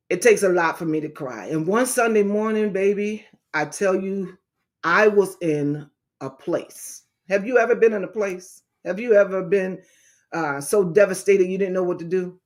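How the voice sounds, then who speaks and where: Middle-aged woman evangelist, unhurried, repetitive preacher cadence, casual livestream chat. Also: on the low side, darkish tone.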